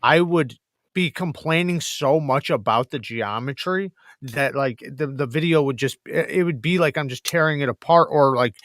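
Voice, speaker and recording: Higher-voiced man, dry close sound. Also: normal speed, a bit bright, no echo. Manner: rambling, emphatic, frequent restarts. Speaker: guest, knife reviewer. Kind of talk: casual chat.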